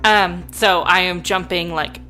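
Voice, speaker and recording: A woman with a bright, sharp voice that sits a bit low, talking casually as she plays her part in a tabletop game. Faint music runs in the background. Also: fairly even intonation, unhurried. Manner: casual, chatty. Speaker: player.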